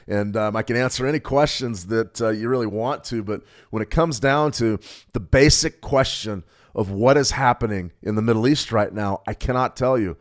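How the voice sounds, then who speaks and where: A man's voice: lowish voice, normal speed. A man hosting a live market update, talking through charts in a rambling way with frequent stutters and restarts. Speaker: market analyst host.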